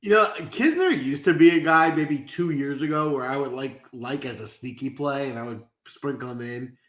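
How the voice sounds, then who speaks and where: A man's voice: mid-range voice, expressive, normal speed, fairly bright tone. A man giving fantasy golf picks in a casual live chat, confident and conversational. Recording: roomy echo.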